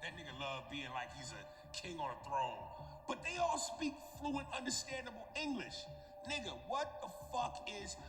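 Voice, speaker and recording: A man's voice: high voice, sing-song, moderate pace, long reverb tail, music in the background. A man ranting brashly and profanely in a played clip, mimicking people he argues with. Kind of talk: heated stand-up style ranting.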